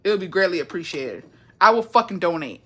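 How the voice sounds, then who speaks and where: A young woman chatting on a livestream in a bright, sharp voice that sits a little low. She is sassy and animated and swears freely as she reacts to her chat. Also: fast talker, slight background noise. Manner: animated, profane, sassy, reads chat aloud. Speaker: livestream host.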